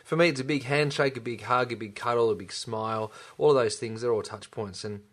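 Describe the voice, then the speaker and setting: A man's voice: mid-range voice, fairly quick, fairly bright tone. Enthusiastic man, chatty. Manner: enthusiastic, chatty, many restarts. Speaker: podcast co-host, chiropractor. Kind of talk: casual chat.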